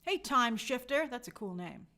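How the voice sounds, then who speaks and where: A woman's voice: a little high, very animated, moderate pace, pushed and bright. A young adult woman hosting a casual review show, reading viewer comments aloud and acting out quotes in playful voices. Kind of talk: casual live chat review.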